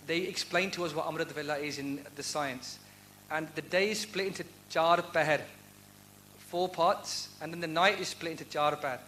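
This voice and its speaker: A man's voice: a little high, steady tone, normal speed, pushed and bright, slight background noise, low-quality recording. A man speaking earnestly at a university event, answering audience questions in a heartfelt devotional talk full of rhetorical questions. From United Kingdom.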